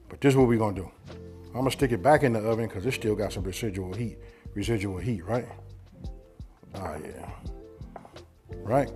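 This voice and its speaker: This casual cooking demo comes from a home kitchen, where the channel's host, a man with a slightly mellow, lowish voice, chats folksily through a recipe. He eats while talking at times and keeps checking in with "you know what I mean?"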